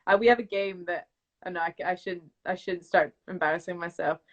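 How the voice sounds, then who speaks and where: A young woman, chatting casually as a guest on a live video call and telling animated stories with bits of impressions. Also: fairly low pitch, fairly quick, muffled recording. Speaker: actress guest. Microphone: phone on a video call.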